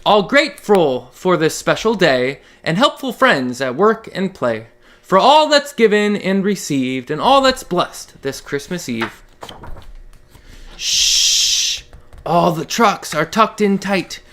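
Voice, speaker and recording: Animated dad reading picture books aloud. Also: male voice, high voice, a little slow, slight background noise. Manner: lively, sing-song reading with animal sounds. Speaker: children's book reader. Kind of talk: read-aloud storytelling for kids.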